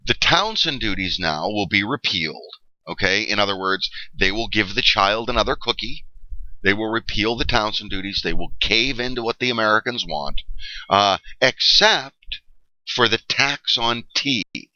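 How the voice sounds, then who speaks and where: Lowish, animated, and pushed bright, a middle-aged history teacher's voice moves at normal speed as he lectures his class step by step, full of fillers and "okay?" checks. The recording is dry, dull, and lo-fi.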